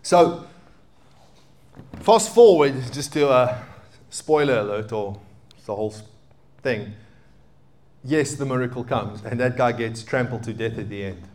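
A man in his thirties preaching a sermon as a pastor, animated, swinging between loud emphatic peaks and quiet asides. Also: mid-range voice, unhurried, long pauses. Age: 30s.

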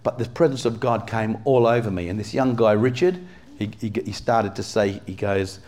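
An English-born man with a fairly low voice preaches to his congregation in a church. His delivery is loose and conversational. He leans on "you know" and turns to the pews with questions. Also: moderate pace, darkish tone. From England. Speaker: pastor. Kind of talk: sermon.

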